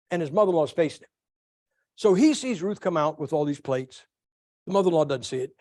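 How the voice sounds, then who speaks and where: A middle-aged male pastor preaching a sermon, telling folksy stories with lively asides to his congregation. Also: high-pitched, no room sound, clean studio sound. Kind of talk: sermon with storytelling.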